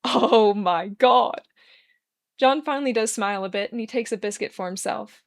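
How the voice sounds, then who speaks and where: A woman reading a fan fiction story aloud in a steady, even narration. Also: a little high, quick pace.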